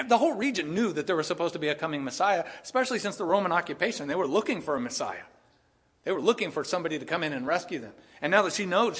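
Earnest preacher man, slightly high voice. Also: fairly bright tone, slightly rough. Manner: earnest, asks the audience rhetorical questions. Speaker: pastor. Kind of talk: expository sermon.

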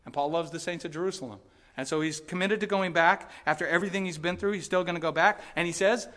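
A male pastor preaching a sermon with passion, swinging between loud pleading and quiet reflection. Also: high voice, fast.

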